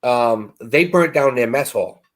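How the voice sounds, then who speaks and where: A middle-aged man casually telling a long story, animated and acting out the voices of the people in it. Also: mid-range voice, a little slow. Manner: animated, acts out quoted voices. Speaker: co-host.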